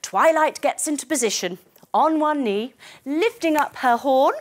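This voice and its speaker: Animated woman leading kids yoga. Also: sits high, measured pace. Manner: animated, encouraging, sound effects. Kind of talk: guided yoga storytelling for children.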